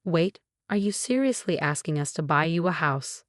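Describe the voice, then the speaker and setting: A woman's voice: sits low, animated, normal speed, dry recording, studio quality. Woman reading as an exasperated young husband. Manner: sharp, incredulous.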